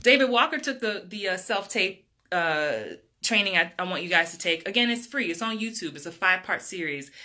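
Bright-voiced New woman chatting live. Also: mid-range voice, lively intonation, a little fast. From New York. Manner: chatty, laughs often, reads out viewer comments. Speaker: acting coach. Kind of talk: casual livestream chat.

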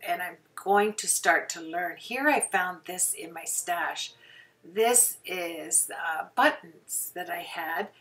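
A woman talks through her craft project at a home table, chatty and rambling, with little apologies as she goes. She speaks at an unhurried, slow pace, and her voice sits a little back from the mic. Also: mid-range voice, a bit bright, recorded from a distance. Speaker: craft video host. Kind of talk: casual craft tutorial talk.

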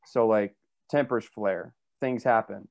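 A male actor tells stories in a casual interview, rambling chattily with many fillers and restarts. His slow, steady voice is on the low side, darkish, with vocal fry. The recording sounds dull, lo-fi and dry.

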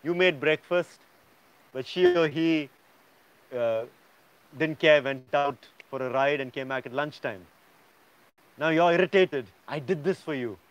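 A man's voice: a little high, unhurried, pauses often, muffled recording. A man teaching a yoga class, lecturing students emphatically and often checking in with "yeah?".

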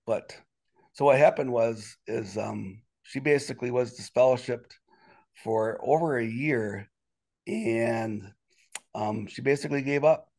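Man, interview guest, casual storytelling, rambling, restarts, indignant pitch jumps, middle-pitched voice. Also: gravelly. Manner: animated, quick jumps in pitch when indignant; rambling with many restarts and "you know".

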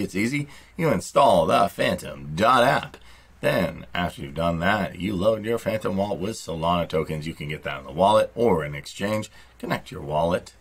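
A man's voice: sits low, breathy edge. A man hosting a crypto channel, delivering upbeat, salesy promotional narration.

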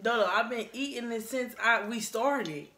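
A woman's voice: on the high side, moderate pace, pushed and bright. A young woman co-hosting a casual eating-challenge vlog, teasing her friend with laid-back banter. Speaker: vlogger. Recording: echoey room with dish clatter.

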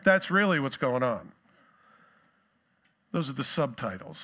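A male pastor preaching a sermon in a relaxed, conversational way with joking asides. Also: mid-range voice, measured pace.

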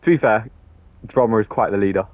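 A man's voice: on the low side, a little fast, no echo. A man giving jokey, chatty commentary over a game playthrough. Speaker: gaming streamer.

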